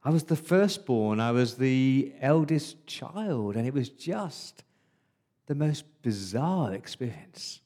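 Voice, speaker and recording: A man preaching as an Israelite firstborn boy, telling the Passover night story in the first person, hushed in its dark moments. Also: mid-range voice, lively intonation, slow pace. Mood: wondering. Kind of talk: first-person dramatic monologue in a sermon.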